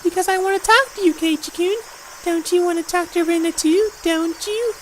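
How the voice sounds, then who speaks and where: A woman's voice: extremely high pitch, normal speed, a little hiss or hum, poor audio. A woman voicing an eerie teenage girl who stalks a frightened boy, in a sweet, sing-song and menacing way. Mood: creepy sweet. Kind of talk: fan voice acting of a game.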